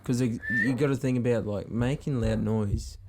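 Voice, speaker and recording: Teasing podcast host. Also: male voice, mid-range voice, steady tone, very noisy. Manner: teasing, quick to laugh, swears a lot. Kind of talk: casual chat.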